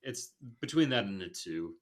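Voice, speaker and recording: Sitting low in pitch, this man's voice has lively intonation and moves at a moderate pace. He hosts a podcast, riffing on movies with lots of fillers and blunt verdicts.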